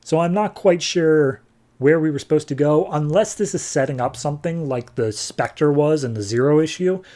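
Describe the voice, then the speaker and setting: A man's voice: a little high, moderate pace, mellow. A man hosting a podcast, reviewing comics in a casual, rambling way.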